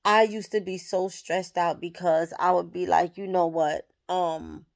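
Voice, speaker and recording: A woman shares a personal spiritual reflection in a vlog. Her voice sits a little low, and she speaks at a very unhurried pace. She is candid and soft-spoken, with pauses between her thoughts. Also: fairly even intonation, gravelly. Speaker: vlogger.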